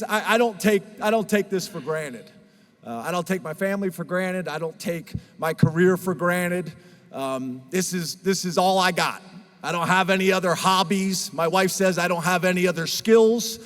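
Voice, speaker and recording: A man's voice: high-pitched, moderate pace. Earnest, emotional man in a reverberant hall. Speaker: head football coach. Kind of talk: press conference remarks. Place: press conference room.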